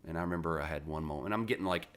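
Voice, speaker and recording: A man in his forties with a very low voice tells his Marine stories in a loose, cussing, conversational way. He acts out the people he quotes as he goes. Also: rapid-fire, clear, resonant tone. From West Virginia. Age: 40s. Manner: profane, animated storyteller who acts out quoted dialogue. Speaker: podcast guest, retired Marine. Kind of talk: casual storytelling interview.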